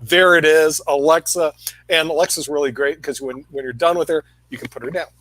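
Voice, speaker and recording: A man's voice: on the high side, steady tone, brisk, fairly bright tone. A man hosting a casual panel chat over a video call, joking and laughing often. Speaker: host. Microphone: video call mic.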